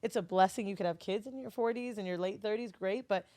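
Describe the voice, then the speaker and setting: A woman talking in a casual podcast chat, candid and loose, swearing often and slipping into her relatives' voices. Her voice is mid-pitched and recorded close and dry, with no room sound. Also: fast talker, mellow, no room sound. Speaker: guest, studio owner and TV host.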